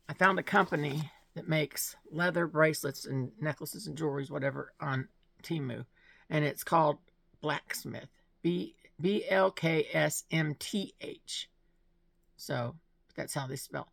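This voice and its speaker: Gravelly-voiced woman, gushing vlog chat. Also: low voice, no room sound. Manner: gushing, chatty, laughs often. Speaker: vlogger showing mail and gifts. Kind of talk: casual chat to camera.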